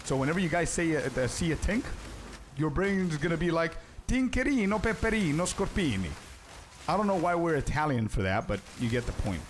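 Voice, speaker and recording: A man's voice: a little high, lively intonation, a little fast, slight background noise. A young man streaming a game, chatting casually with viewers and answering their questions. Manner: chatty, answers chat, says "bro" often. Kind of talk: casual live-stream chat.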